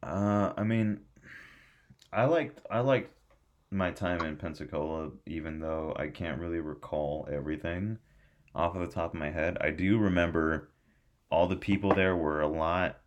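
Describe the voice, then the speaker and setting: A man from California hosting a casual podcast chat, rambling, swearing freely and getting animated. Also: sits low, normal speed. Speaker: podcast host.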